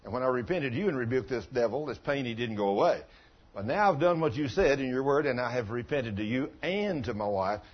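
A man's voice: mid-range voice, lively intonation, brisk, dull audio. A man in his late sixties preaching a sermon in a folksy, conversational way, telling stories and asking the congregation questions. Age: 60s. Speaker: pastor. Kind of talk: sermon with storytelling.

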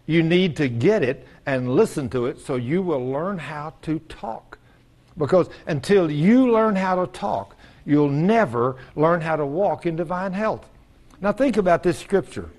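A man's voice: on the high side, animated, a little slow, a little mellow. A man preaching a sermon in church, telling folksy stories and acting out the voices of the people in them.

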